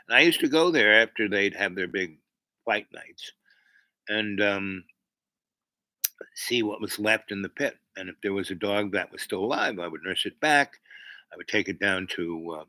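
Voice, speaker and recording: A man's voice: fairly low pitch, animated, normal speed, pushed and bright, no echo, low-quality recording. A man hosting a livestream, telling a meandering story to his chat with many fillers and restarts. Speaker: livestream host.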